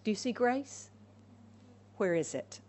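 A woman preaching a sermon to a congregation, animated, acting out voices of God and Moses. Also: mid-range voice, takes it slowly.

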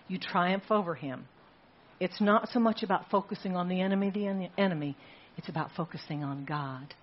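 A woman pastor preaching a sermon in a church, emphatic, with repeated phrases and slow, dramatic stresses. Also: lowish voice, highs cut off, slight background noise. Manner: emphatic, rhetorical repetition with dramatic slowdowns. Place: church sanctuary.

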